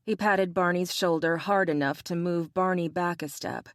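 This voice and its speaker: A woman narrates a romance audiobook with steady, even storytelling. Her voice sits slightly low and the recording is dry and close. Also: moderate pace, no echo.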